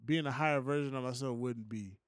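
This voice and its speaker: A man's voice: mid-range voice, a little fast, clear, resonant tone, no echo, clean studio sound. Laid-back man giving opinions. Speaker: podcast co-host. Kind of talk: casual chat.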